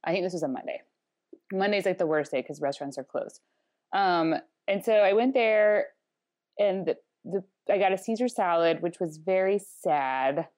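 A woman's voice: on the low side, normal speed, a little mellow. A woman co-hosting a podcast, telling rambling stories in a dry, wry casual chat. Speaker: podcast co-host.

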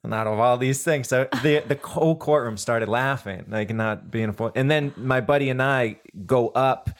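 A man's voice: medium pitch, normal speed. A man guest telling a story casually, rambling with lots of fillers. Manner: rambling, full of "like" and restarts.

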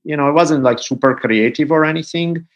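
A man in his forties with an Italian accent, a podcast guest talking in a relaxed, joking way. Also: on the high side, a little fast, lo-fi sound. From Italy. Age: 40s. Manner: joking, self-deprecating, relaxed. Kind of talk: casual interview chat.

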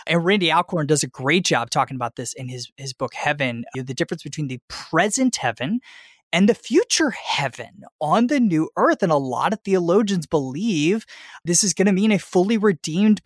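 A man's voice: on the high side, no room sound. Male podcast host, eager and affirming, dry close mic. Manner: enthusiastic, affirming, asks leading questions. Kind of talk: podcast interview.

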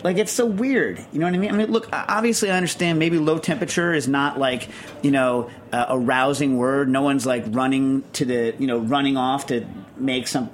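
A man's voice: medium pitch, fairly even intonation, fairly quick. A man co-hosting a casual chat podcast, rambling and ranting with lots of fillers and self-deprecating asides. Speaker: podcast co-host.

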